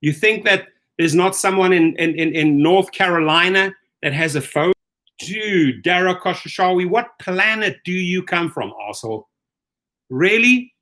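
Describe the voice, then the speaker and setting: A man's voice: high voice, normal speed, a bit bright. A middle-aged man hosting rideshare commentary, ranting angrily with profanity and repeated rhetorical questions.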